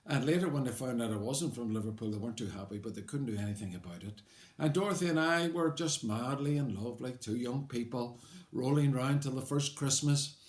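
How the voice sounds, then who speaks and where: Here the older Northern Irish man from Belfast sounds medium-pitched and brisk as he narrates his personal history. His telling is conversational and wry with some rambling and fillers, captured in an echoey room.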